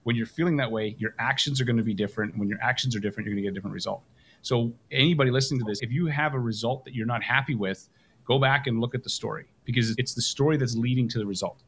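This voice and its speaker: A man's voice: mid-range voice, very fast, fairly bright tone, slight background noise. A man hosting a coaching call, talking with energy and emphasis and acting out example phrases. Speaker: coach and host.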